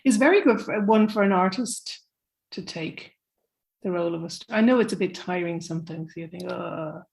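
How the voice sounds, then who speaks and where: A woman's voice: on the low side, a little fast, creaky. A woman from Ireland, a comics author who is a guest on an interview and talks in a chatty way, with phrases that trail off and easy laughter. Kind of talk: casual conversation.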